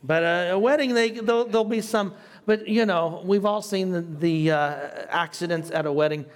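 Pastor guy with a bit of an accent, fairly high voice, chatty bible class teaching, tosses questions at the room. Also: normal speed. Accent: non-native English. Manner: conversational, asks the class questions.

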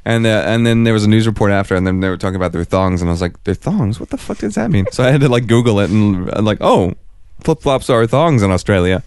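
A young man with a Canadian accent rambles through casual podcast banter, swearing freely and correcting himself as he goes. His voice sits a little low and sounds smooth and resonant. The recording is close and dry. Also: fast talker, darkish tone, no room sound. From South Africa. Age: 20s. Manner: rambling, profane, self-correcting. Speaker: podcast co-host. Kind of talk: casual chat.

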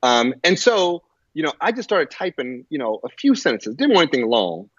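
A man telling a personal story in a halting way, with many fillers and restarts, on a muffled lo-fi recording. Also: fairly high pitch, big pitch swings, a bit bright, husky, no echo. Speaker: guest. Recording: muffled lo-fi audio.

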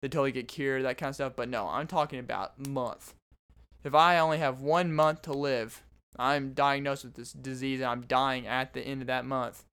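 Podcast host, young man in his twenties, mid-pitched and clear, with a rambling, casual monologue delivery. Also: steady tone, moderate pace, fairly bright tone. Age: 20s. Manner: rambling, self-interrupting storyteller.

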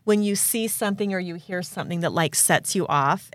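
A woman's voice: fairly low pitch, brisk, no room sound. Chatty woman co-host, dry sound. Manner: chatty, reactive, uses "like" a lot. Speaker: podcast co-host. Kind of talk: casual chat.

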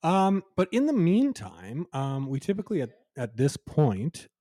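A man's voice: a little high, huge pitch swings, unhurried, dark tone, no echo, studio quality. A man co-hosting a podcast, easygoing and steering the chat. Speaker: podcast co-host. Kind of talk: casual chat.

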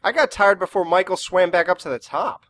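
A man's voice: sits high, a little fast, a bit bright, dry recording. Sarcastic, foul-mouthed man co-host. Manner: sarcastic, profane storytelling. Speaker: podcast co-host. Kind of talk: casual movie review chat.

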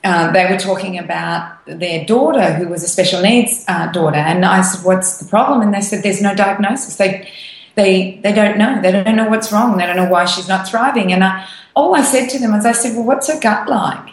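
A woman co-hosting a podcast, chatting in a relaxed storytelling way. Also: medium pitch, normal speed, vocal fry. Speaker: podcast co-host. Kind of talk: casual chat. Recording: echoey room.

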